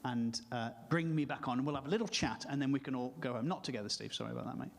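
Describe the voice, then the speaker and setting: A man's voice: medium pitch, fast, creaky, a little hiss or hum. A male comedian doing live stand-up and chatting and teasing the audience. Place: church hall, live show. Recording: long hall reverb.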